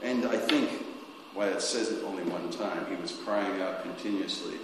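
A man preaching a sermon, speaking slowly and haltingly, rising suddenly and then dropping softly. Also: fairly low pitch, lively intonation. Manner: slow, halting, with sudden rises and soft drops. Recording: echoey church hall, faint noise.

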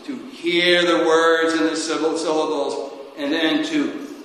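A man preaching a sermon, speaking slowly and haltingly, rising suddenly and then dropping softly. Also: a little high, flat delivery. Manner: slow, halting, with sudden rises and soft drops. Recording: echoey church hall, faint noise.

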